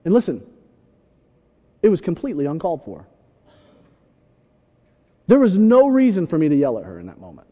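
A young man preaching a sermon, telling stories with animated shouts and asides. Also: fairly high pitch, moderate pace, long pauses, highs cut off. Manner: animated storytelling, acts out scenes with shouts. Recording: long hall reverb.

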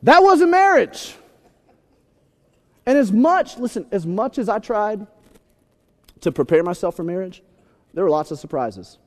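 A man preaching a sermon, telling a funny story in an animated, conversational, self-deprecating way. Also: high-pitched, moderate pace, pauses often. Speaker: pastor. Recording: long hall reverb.

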